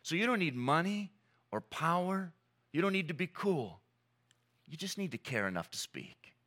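A male pastor delivers a sermon with an earnest, emphatic style, leaning into dramatic pauses. His pitch swings widely from phrase to phrase, and his voice has a bright, forward edge. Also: big pitch swings.

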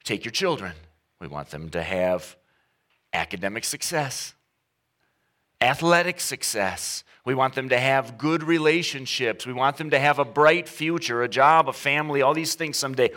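A man preaching a sermon as pastor, talking conversationally with humor, slowing and stressing key words. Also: mid-range voice, animated, pushed and bright. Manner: emphatic, with varied pace.

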